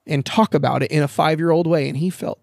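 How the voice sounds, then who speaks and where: A man chatting candidly outdoors for a podcast, a bit higher than most men and recorded close and dry. He tells his story in a loose, swearing way, slipping into the voices of the people in it. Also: steady tone, quick pace, gravelly, darkish tone, no room sound. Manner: candid, swears freely, storytelling with quoted dialogue. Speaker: podcast guest. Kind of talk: casual conversation. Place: outdoors in a backyard.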